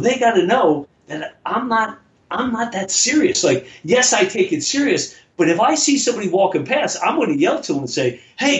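A man telling a long personal story in casual chat, rambling and halting, with many restarts. He acts out the voices of the people in his story. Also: a little high. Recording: echoey, dull lo-fi audio.

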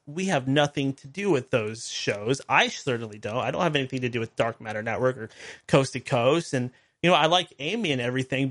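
A man's voice: mid-range voice, a bit bright. A male podcast host with a mid-range voice. He tells a story in a rambling, exasperated way, restarting his sentences and breaking into wry laughs. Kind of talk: casual storytelling monologue.

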